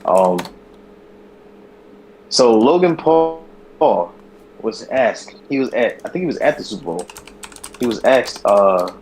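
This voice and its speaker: A man co-hosting a podcast, telling a news story in a loose, animated way with slang and swearing. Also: mid-range voice, slow pace, pauses often, slight background noise, rough recording. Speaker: podcast co-host. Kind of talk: casual chat.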